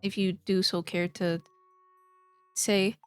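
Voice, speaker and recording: A woman's voice: mid-range voice, level tone, slow, smooth, dry recording, soft background music. A woman streaming while she draws, chatting casually and playfully with her chat, rambling, laughing often and swearing now and then.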